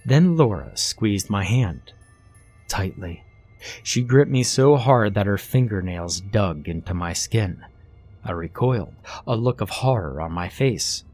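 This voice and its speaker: Guy reading a creepy story, kinda low voice, soft music under it. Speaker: narrator. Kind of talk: scripted horror narration.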